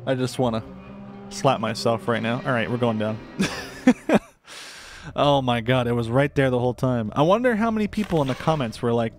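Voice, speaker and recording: A young man talks through his gameplay in a loose, chatty way, full of rambling asides and jokes at his own expense. His voice sits at an everyday middle pitch, with faint music playing underneath. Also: lively intonation, normal speed. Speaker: gameplay commentator. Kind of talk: casual gameplay commentary.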